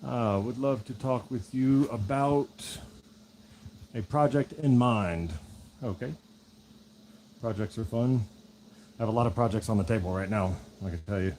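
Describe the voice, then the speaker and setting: A knife maker making relaxed, rambling asides to a live chat as he works in his workshop. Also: mid-range voice, measured pace, long pauses, slight background noise. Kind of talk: casual chat while working.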